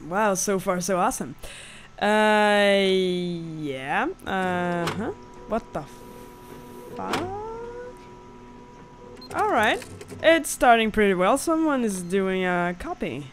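A woman's voice: mid-range voice, expressive, slow pace, long pauses, noisy background. A woman hosting a horror gameplay video, joking and swearing as she yelps at scares. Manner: jokey, swears and yelps when startled.

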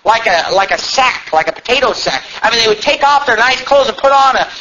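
High, bright-voiced fiery preacher man. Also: animated, a little fast. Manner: shouts and climbs high when fervent, mocking asides. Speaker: pastor. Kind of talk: fiery sermon. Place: church. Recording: dull low-fidelity church recording, faint hiss.

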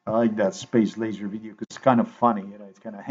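A man with a slightly low voice talks through a video edit, half to himself and half to his viewers. He loops back over phrases, stalls on fillers and repeats lines over and over. The recording sounds dull and lo-fi. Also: level tone, darkish tone, husky. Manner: repetitive, halting, thinks aloud with many fillers. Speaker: video maker. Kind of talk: rambling monologue while editing a video.

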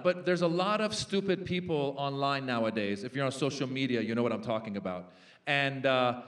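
A stand-up comedian in his forties works a festival stage, his voice sitting high for a man. He jumps into quick, animated character voices to land each punchline. The delivery is brisk and built for a live crowd. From Iranian-American.

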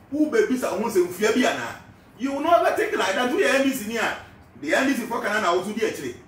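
A man's voice: high voice, a bit bright. A Ghanaian man hosting a live show, giving casual political commentary, switching between Twi and English and asking rhetorical questions. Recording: echoey, far from the mic, faint background noise.

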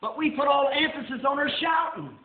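An older man preaching a sermon in a church, folksy and rising to shouts. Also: very high voice, lively intonation, fairly quick. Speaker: pastor. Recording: tinny roomy old sermon tape.

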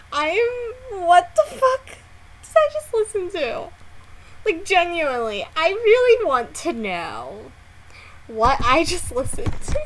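With an extremely high-pitched voice, a woman hosts a casual music reaction vlog, excitable, prone to loud dramatic exclamations, and swearing often.

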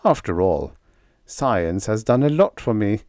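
A man narrating a humorous story in the first person, with a wry, deadpan manner. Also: fairly low pitch, unhurried, dry recording, clean studio sound. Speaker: audiobook narrator.

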